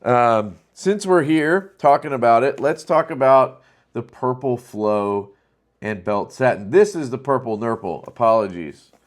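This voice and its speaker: A man's voice: medium pitch, lively intonation, measured pace. A man hosting a casual product showcase, talking loosely and enthusiastically with plenty of fillers. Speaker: knife channel host.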